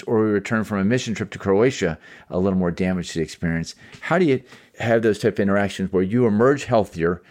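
A male podcast host with a low voice asks long, probing questions. He thinks aloud as he goes. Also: a little mellow. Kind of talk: interview questions.

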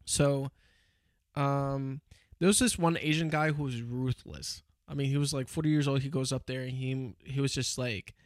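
A man's voice: medium pitch, fairly even intonation, moderate pace, no echo, studio quality. A young man in casual podcast chat, telling stories in a rambling way with lots of fillers and restarts.

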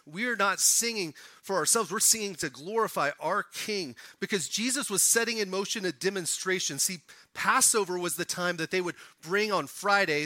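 A man's voice: sits high, bright, forceful tone, dry recording. A man preaching a sermon to his church, acting out quoted voices as he goes. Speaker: pastor.

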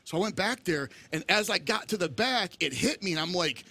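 Middle-aged man, high and gravelly, bright tone; lively guest storyteller who acts out the voices. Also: brisk. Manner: animated storyteller acting out quoted voices. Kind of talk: casual storytelling chat.

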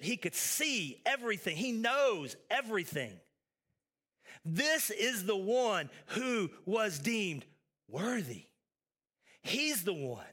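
A man preaching a sermon as pastor, building with emphatic repetition and then dropping to soft, intense tones. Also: sits high.

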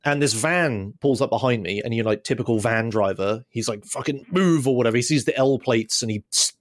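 A young man telling a rambling, animated story on a casual podcast. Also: medium pitch, fairly quick. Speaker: podcast host.

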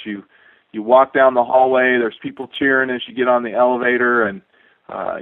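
A middle-aged man, a former astronaut, telling a relaxed, wry anecdote with a dry sense of humor and many fillers. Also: medium pitch, no room sound. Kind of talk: storytelling anecdote. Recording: tinny dry phone-like line.

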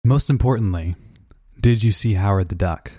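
A man making jokey, deadpan asides in casual chat as a podcast co-host. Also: fairly low pitch, normal speed, no echo, studio quality.

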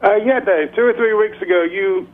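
A man's voice: high voice, moderate pace. A man calling in to a radio show, politely asking a question. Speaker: caller. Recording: tinny phone line.

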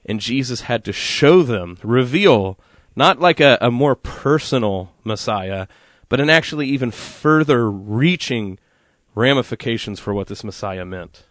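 Male co-host, casual faith talk, lively storyteller, mid pitch, dead-dry room. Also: a little slow, dry recording. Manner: animated storytelling with many fillers. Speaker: radio co-host.

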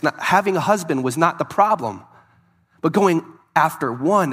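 A man's voice: fairly high pitch, very animated, a little slow, a bit bright, slightly rough. A man preaching a sermon, telling a story in an earnest voice that swells and drops for emphasis. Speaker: pastor.

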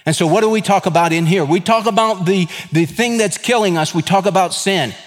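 Male pastor, sermon, slightly high voice, conversational with joking asides, recorded in a reverberant church hall. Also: fairly quick. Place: church sanctuary. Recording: long reverb of a large hall.

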